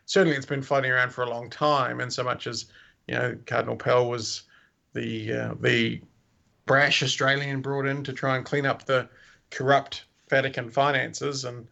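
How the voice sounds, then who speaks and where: A man's voice: medium pitch, little pitch movement, normal speed, vocal fry, bright, forceful tone, muffled recording. A man co-hosting a casual podcast, talking hesitantly and thinking aloud. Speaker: podcast co-host.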